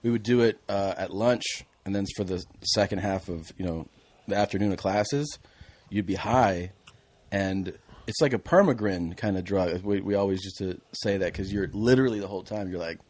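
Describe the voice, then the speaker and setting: A man's voice: low voice, normal speed, a little mellow. A man telling a personal story in casual podcast chat, earnest and fluent. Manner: earnest, breaks into laughter. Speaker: podcast guest.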